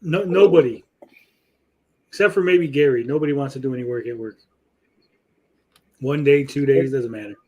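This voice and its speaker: A man's voice: medium pitch, normal speed, pauses often, a little mellow, breathy edge, highs cut off. A man in his thirties hosting a casual podcast, telling crude stories full of swearing and acted-out quotes. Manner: swearing, storytelling, acts out quotes. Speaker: podcast host.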